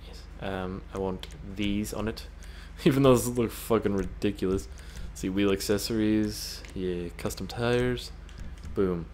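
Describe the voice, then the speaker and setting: Crude, rambling young gaming host. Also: male voice, fairly low pitch, a little slow, darkish tone, slight background noise. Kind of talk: profane gaming commentary.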